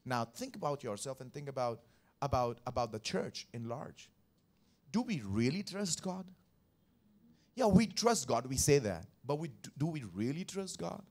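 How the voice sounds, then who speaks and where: With a sing-song, mid-range voice at a moderate pace, a man preaches his Sunday sermon as pastor. He is emphatic and repetitive, repeating key phrases, calling for responses from the congregation, and working through scripture verse by verse.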